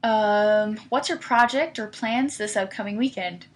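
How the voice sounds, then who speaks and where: Speaking in an unhurried, mid-range voice, this livestream host answers questions from viewers. She's a young woman with a casual, chatty manner, leaning heavily on "like" and throwing in plenty of "um."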